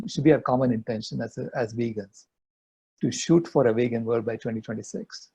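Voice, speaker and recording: Older man, interview guest, storytelling, mellow dark tone, husky. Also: medium pitch. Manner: earnest, anecdotal storytelling. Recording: dull lo-fi audio.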